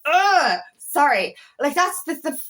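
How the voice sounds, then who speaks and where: A woman speaks straight to camera with raw, unfiltered passion, often swearing and circling back on her words. Her voice sits slightly higher than average. She sounds like a coach venting frankly to her followers. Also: expressive, normal speed, fairly bright tone. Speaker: empowerment coach. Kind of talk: casual monologue to camera.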